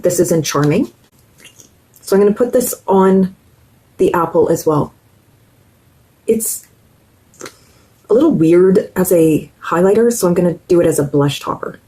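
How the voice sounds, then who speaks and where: Husky-voiced woman chatting through a makeup tutorial. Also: lowish voice, moderate pace, pauses often, warm tone, poor audio. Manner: chatty, enthusiastic, talks to viewers directly. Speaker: beauty vlogger. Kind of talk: casual makeup tutorial chat.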